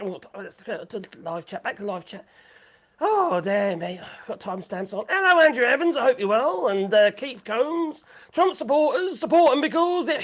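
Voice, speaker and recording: Excitable woman, lively high voice. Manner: excitable, swears freely, laughs a lot. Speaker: live stream host. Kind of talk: rambling live-stream chat.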